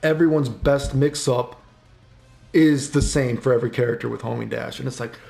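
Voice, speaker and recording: A man's voice: medium pitch, fairly even intonation, moderate pace, vocal fry, darkish tone. A man giving casual commentary on a fighting game while playing, rambling, swearing often and quoting his own thoughts. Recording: echoey room with music behind.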